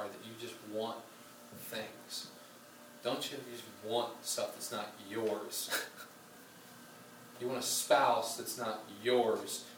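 A man's voice: medium pitch, fairly bright tone. Man, pastor, casual sermon, many fillers, echoey hall, distant mic, faint room hum. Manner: conversational preaching with many fillers and asides. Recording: roomy sound from a distant mic with faint ambience.

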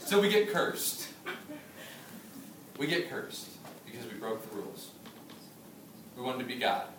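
A man in his thirties preaching a sermon, chatty and humorous, telling stories with lively asides. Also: mid-range voice, measured pace, background noise. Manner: conversational preaching, humorous asides, animated storytelling. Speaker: pastor. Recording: echoey room from a distance.

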